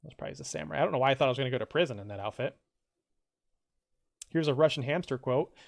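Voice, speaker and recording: Playing a game on stream, a man rambles casually and reads viewer quotes, jumping into loud, high voices for each one. His delivery is expressive and rapid-fire, with a gravelly texture.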